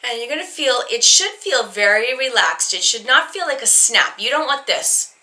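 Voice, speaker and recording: A woman's voice: on the high side, sing-song, normal speed, sharp tone. A woman from Boston teaching a recorded singing lesson, talking in a chatty, explanatory way with plenty of ums and restarts while keeping her accent neutral. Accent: neutral American, trying to hide a Boston accent. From Boston, northeastern United States.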